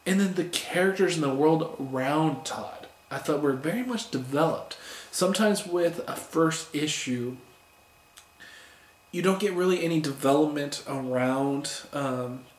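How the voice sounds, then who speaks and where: Male comic reviewer, fairly high voice, gushing and rambling, recorded in a roomy space. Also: a little slow. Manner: enthusiastic, rambling, stumbles over names. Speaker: comic book reviewer on a video channel. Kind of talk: casual spoken review. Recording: echoey room.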